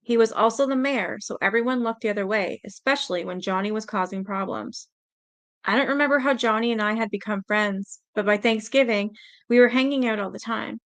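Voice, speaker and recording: A woman's voice: medium pitch, a little fast. A woman hosting her channel, reading letters aloud as a story, reading steadily and sometimes stumbling over words. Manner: reads steadily, stumbles on words, breaks in with blunt reactions. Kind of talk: storytelling reading with spoken asides.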